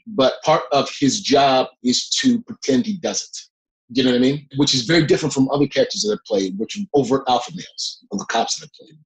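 A middle-aged man speaks at an ordinary pitch, recounting his work as an actor in a relaxed interview. He tells his stories with animation and laughs between them. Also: low-quality recording. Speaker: actor, guest. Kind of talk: casual interview storytelling.

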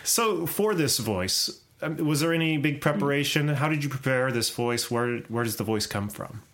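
A man's voice: medium pitch, lively intonation, normal speed, a bit bright. A man hosting a casual interview, enthusiastic, laughing often and asking open questions. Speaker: podcast host.

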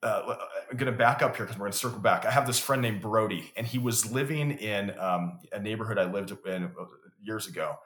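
A man's voice: on the low side, fairly quick, hardly any pauses, a bit bright. A man talking as a podcast guest, telling stories in an earnest way and often repeating words as he builds to a point. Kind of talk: conversational storytelling. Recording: roomy echo.

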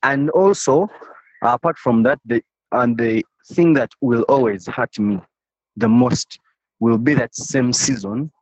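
A Ugandan interviewee who follows football tells an impassioned story, repeating and restarting phrases as he talks. His medium-pitched voice is a little slow and slightly rough, in a dry, dull recording without room sound.

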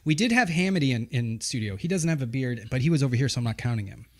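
A man's voice: medium pitch, lively intonation, fast. Male podcast host from Massachusetts, casual and joking, rambling delivery with restarts. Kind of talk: casual chat.

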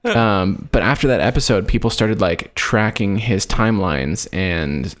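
Male podcast host, somewhat deep, loose rambling storyteller. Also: animated, measured pace. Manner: rambling, many fillers like "like" and "um". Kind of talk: casual chat.

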